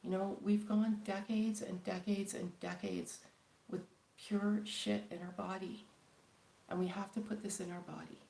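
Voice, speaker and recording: A woman's voice: mid-range voice, little pitch movement, measured pace, gravelly, dark tone, reverberant, rough recording. A woman from Canada talking casually and earnestly on a live stream, rambling with many fillers and pleading at times. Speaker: spiritual channel host.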